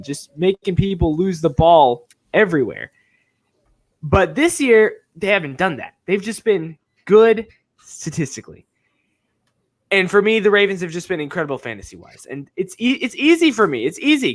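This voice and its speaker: A man co-hosting a fantasy football podcast, talking emphatically and swinging between low muttering and loud pushes. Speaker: podcast co-host. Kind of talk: casual sports chat.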